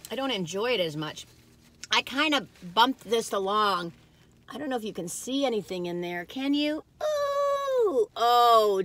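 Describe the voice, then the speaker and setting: Bright-voiced chatty woman. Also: a little high. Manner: chatty, excitable, folksy, talks while eating. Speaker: food reviewer vlogger. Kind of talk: casual chatty food review. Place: parked car.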